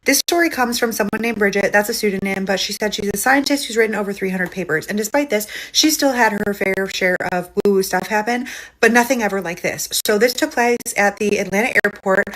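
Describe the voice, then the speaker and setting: Fast-talking woman telling a story. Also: mid-range voice, a bit bright, low-quality recording. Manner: casual, chatty, quick delivery. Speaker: host. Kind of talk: storytelling a reader's account.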